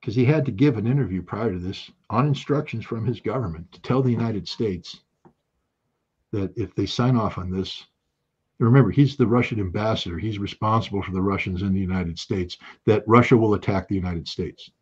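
Husky low-voiced guy ranting on his show, hammers the same points over and over, dull lo-fi sound. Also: brisk. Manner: emphatic, repetitive, rising to forceful outbursts. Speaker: political commentator. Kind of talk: impassioned political monologue.

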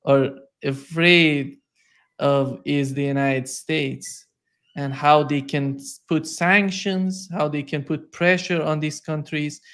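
A male interviewer asking a question in a measured, argumentative way. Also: on the high side, fairly bright tone.

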